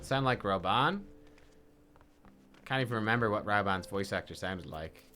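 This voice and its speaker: A man's voice: on the low side, animated, normal speed, bright, forceful tone, soft background music. A man giving casual let's-play commentary, rambling and self-deprecating as he thinks aloud. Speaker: gaming video creator.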